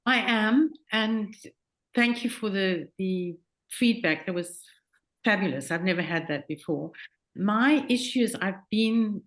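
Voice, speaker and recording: A woman's voice: mid-range voice, a little slow. A woman asking a question as a prospective student, speaking in a hesitant, earnest way.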